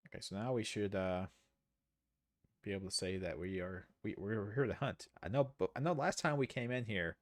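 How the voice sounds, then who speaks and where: A man's voice: on the low side, normal speed, no room sound. A man giving casual, sarcastic, rambling commentary while streaming a game.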